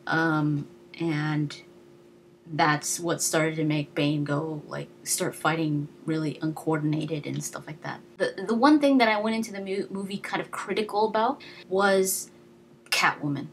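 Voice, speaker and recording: A woman's voice: sits low, a little slow, a little hiss or hum. A young woman giving a casual, chatty movie review, enthusiastic and full of fillers and restarts. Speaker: video blogger.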